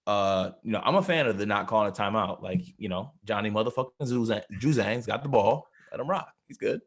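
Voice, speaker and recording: Laid-back young man with a low voice. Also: animated, fairly quick, slightly rough. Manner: laid-back, joking, profane. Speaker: podcast co-host. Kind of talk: casual sports podcast chat.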